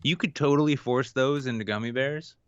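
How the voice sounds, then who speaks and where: Smooth-voiced man with a wry, dry wit. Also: mid-range voice, a little fast, dry recording, dull audio. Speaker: podcast co-host. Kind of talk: casual comedic chat.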